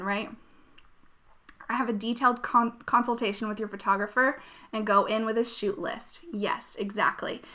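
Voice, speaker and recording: A woman's voice: medium pitch, sharp tone. A young woman coaching on a casual live webinar, chatty and bubbly, laughing often and using lots of fillers. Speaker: web design coach.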